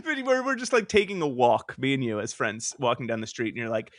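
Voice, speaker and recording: A man co-hosting a podcast in casual chat, telling stories quickly and laughing often. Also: mid-range voice, big pitch swings, no room sound, clean studio sound. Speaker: podcast co-host.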